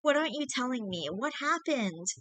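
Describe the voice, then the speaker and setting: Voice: sits high, sing-song, normal speed, a bit bright, dry recording, voice pushed up. A reader voicing a young woman who pleads tearfully with her boyfriend. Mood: tearful pleading.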